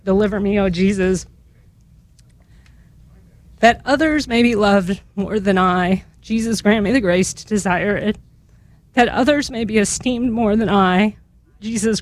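A woman on a radio broadcast reads a long litany in a slow, earnest rhythm. Her pitch sits in a middle range, and the studio sound is dry and close. Her voice catches now and then with feeling. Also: no echo. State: emotional, voice catching. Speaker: radio guest. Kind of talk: prayer reading on radio.

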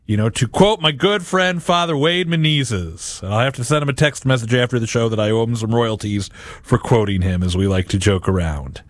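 A man's voice: medium pitch, fairly quick, dry recording, studio quality. A man hosting a daily gospel reflection, talking earnestly and directly to his listeners and often repeating words as he goes.

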